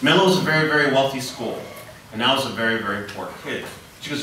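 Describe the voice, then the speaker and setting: A man giving an energetic motivational talk to students, telling his story and asking the audience questions. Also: mid-range voice, quick pace. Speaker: motivational speaker. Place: middle school hall. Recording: very echoey, distant, noisy hall.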